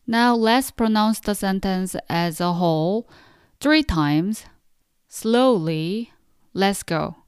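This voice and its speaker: A young woman teaches a podcast language lesson with a patient, encouraging manner. Her voice is remarkably smooth and resonant, and it sits close and dry with no room sound. She slows down on each word so listeners can repeat after her. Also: medium pitch, expressive, dry recording. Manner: patient, encouraging, pronounces words slowly for repetition.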